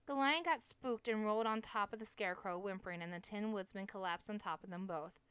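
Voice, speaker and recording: Woman narrator, smooth clear voice, dry close sound, steady audiobook read. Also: mid-range voice, no room sound. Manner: steady, measured reading. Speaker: audiobook reader.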